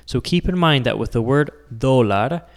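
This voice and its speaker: A man from the United States teaching Spanish words in a patient, explaining lesson, slowing down to spell out each word. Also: medium pitch, expressive, in a large hall. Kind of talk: scripted language lesson.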